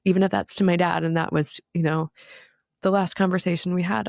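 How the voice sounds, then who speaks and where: A woman's voice: lowish voice, steady tone, fast talker, gravelly, a little mellow, dry recording, clean studio sound. A woman in her thirties, a guest in an interview, telling personal stories in an earnest, reflective way. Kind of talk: candid interview conversation.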